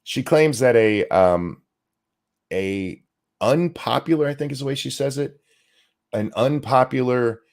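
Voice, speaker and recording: A man hosting a ranting commentary show, profane and indignant, talking in fast bursts. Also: mid-range voice, a little mellow.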